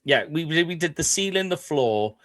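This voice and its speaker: A man's voice: fairly high pitch, expressive, normal speed, a bit bright, no echo. Conversational man on a sports podcast. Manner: conversational, teasing. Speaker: podcast co-host. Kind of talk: casual sports chat.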